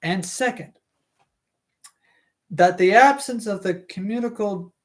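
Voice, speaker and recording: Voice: medium pitch, measured pace. A streamer reading a novel aloud live, tripping over hard words, correcting themselves, and breaking off for chatty asides.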